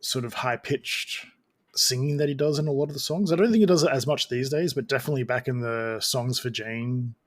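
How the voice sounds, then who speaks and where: A man's voice: mid-range voice, fairly quick. A man co-hosting a podcast, chatting casually and rambling with lots of restarts and fillers. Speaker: podcast co-host. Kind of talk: casual chat.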